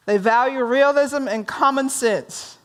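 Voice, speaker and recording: A woman minister leads a workshop in a higher, slow-paced voice. She tells stories in an animated way and draws the audience in with questions and easy laughter. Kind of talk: storytelling workshop talk.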